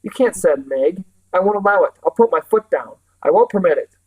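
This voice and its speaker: A man doing a loud, insistent teenage boy. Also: on the high side, moderate pace, lightly acted, poor audio. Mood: protesting. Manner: shouting, insistent.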